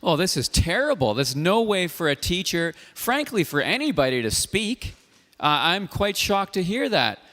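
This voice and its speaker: Calm male call-in host, reverberant. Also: sits high, moderate pace. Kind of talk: hosting a call-in show. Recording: long reverb.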